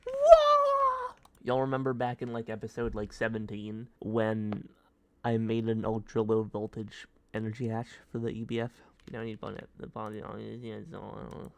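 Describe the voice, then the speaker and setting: A man's voice: flat delivery, normal speed, vocal fry, mellow, a little hiss or hum. Goofy young man narrating his gameplay. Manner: silly, rambling, bursts into high yelps. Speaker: gaming streamer. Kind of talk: casual gameplay commentary.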